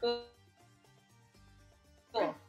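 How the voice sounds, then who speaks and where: A woman's voice: drawn-out words, a little mellow, lo-fi sound, soft background music. A woman player chatting and joking eagerly during a tabletop game. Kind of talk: casual tabletop game chat.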